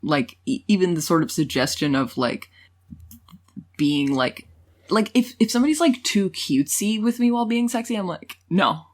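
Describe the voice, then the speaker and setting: A woman in her twenties co-hosting a podcast in casual chat, animated and giggly as she tells stories. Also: mid-range voice, moderate pace. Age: 20s. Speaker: podcast co-host.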